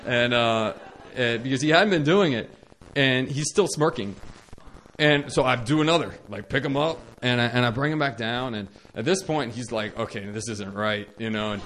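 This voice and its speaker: A young man recounts a story casually, in a mid-range voice that is neither high nor low. He talks in animated bursts, restarting phrases and loudly acting out his own words. A faint noise sits behind him. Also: normal speed, poor audio. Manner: animated, acts out his own quoted lines loudly, frequent restarts and laughs. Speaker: storyteller recalling caring for children. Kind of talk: casual personal storytelling to viewers.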